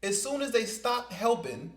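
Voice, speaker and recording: A man's voice: high voice, big pitch swings, measured pace. A man giving emphatic, casual commentary as he reacts to a clip. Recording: echoey room.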